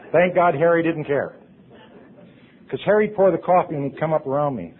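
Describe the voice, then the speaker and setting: A middle-aged man giving an earnest personal testimony to a recovery convention audience, swinging from loud to hushed. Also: a little high, normal speed. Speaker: recovery meeting speaker. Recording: tinny lo-fi tape recording.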